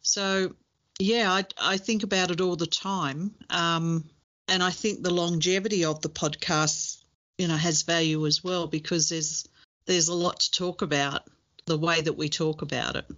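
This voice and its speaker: A woman with a lowish voice co-hosts a casual podcast chat, thoughtful and quick to laugh, with hesitant fillers. Her recording sounds dull and lo-fi. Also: fairly even intonation, a bit bright. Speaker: podcast co-host.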